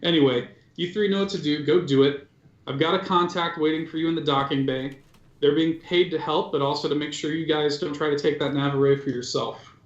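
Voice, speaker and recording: A man voicing a scheming male droid crime boss who speaks calmly and smugly, in a tabletop game. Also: on the high side, brisk, natural voice. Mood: smug, commanding. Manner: calm, smug, commanding. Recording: dull, roomy recording.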